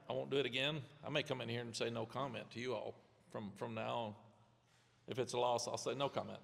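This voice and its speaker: A man in his seventies, a head coach answering press questions candidly, rambling with restarts in a gravelly voice. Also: medium pitch, a bit bright, long reverb tail. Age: 70s. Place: press conference room.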